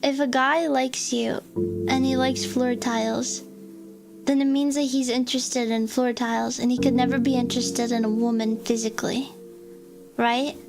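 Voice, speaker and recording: A young woman streamer rambling in casual live-stream chat, giddy, her voice leaping into squeaky highs. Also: level tone, normal speed, creaky. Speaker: VTuber streamer. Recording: loud background music.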